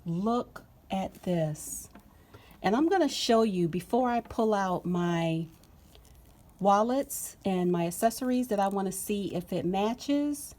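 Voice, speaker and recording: A woman vlogger chatting casually to camera while unboxing, gushing and excitable with drawn-out exclamations. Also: mid-range voice.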